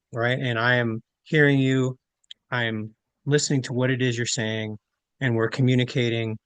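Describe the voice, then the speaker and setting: A man's voice: mid-range voice, a bit bright, no room sound. Man explaining things in a dry recording. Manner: explanatory, teacherly. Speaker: podcast host. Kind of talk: casual conversation.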